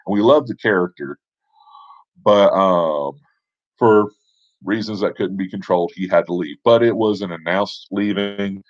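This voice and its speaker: A man's voice: low-pitched, unhurried, no room sound, dull audio. A man casually retelling a tabletop role-playing game session in a rambling, offhand way. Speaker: storyteller.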